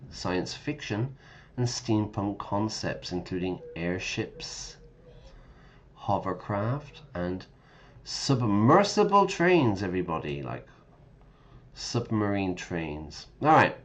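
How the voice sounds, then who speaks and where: A man's voice: lowish voice, highs cut off. A man teaching English while streaming a game, chatting casually, correcting himself and explaining words as he goes.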